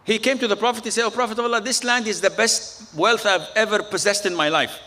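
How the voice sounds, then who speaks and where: Male preacher, bright and fairly high voice, storytelling sermon at an Islamic center. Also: fairly even intonation, fast talker. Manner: storytelling with quoted dialogue, frequent Arabic phrases.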